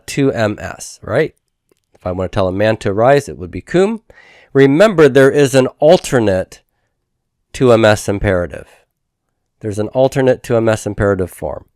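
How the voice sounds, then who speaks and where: A man teaching grammar in a recorded lecture, methodical, repeating each form slowly and checking in with "okay?". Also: fairly low pitch, a little mellow, dry recording, clean studio sound.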